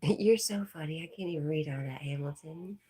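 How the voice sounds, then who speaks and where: A woman with a low, husky voice hosts a relaxed livestream. She reads viewers' comments out loud and answers them in an easy, chatty way, laughing often. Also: a little fast. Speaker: livestream host. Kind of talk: casual livestream chat.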